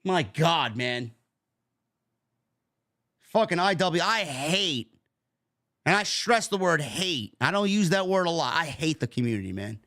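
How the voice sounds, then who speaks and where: A man's voice: on the high side, unhurried, pauses often, no echo, studio quality. A man hosting a casual wrestling review show, reading super chats and ranting bluntly with plenty of swearing. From New York. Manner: blunt, profane, animated rants.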